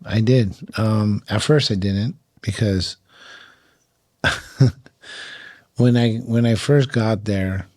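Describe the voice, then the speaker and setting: A man's voice: lowish voice, fairly even intonation, slow pace, long pauses, darkish tone, no echo, clean studio sound. A middle-aged man from California, telling stories as a podcast guest in a chatty way, with lots of fillers and laughs. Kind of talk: casual storytelling.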